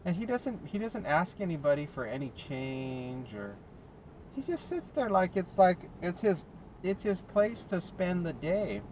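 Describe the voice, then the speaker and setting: A fairly high-voiced American man talks his way through a delivery shift from behind the wheel, a little out of breath. His chat is loose and self-mocking, broken up by laughs. Steady car and road noise runs under his voice. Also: measured pace, low-quality recording. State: winded, short of breath. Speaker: delivery driver vlogger. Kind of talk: casual running commentary while driving. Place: inside a car on city streets. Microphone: dash cam or phone mic in car.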